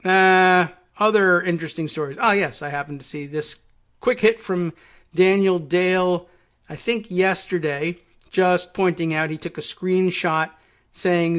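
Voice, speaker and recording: Guy hosting a politics podcast solo, rambly, kinda high voice, keeps correcting himself. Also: fairly even intonation, moderate pace, a bit bright. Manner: rambling, self-correcting, chuckles at odd pronunciations. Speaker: podcast host. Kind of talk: casual solo political talk.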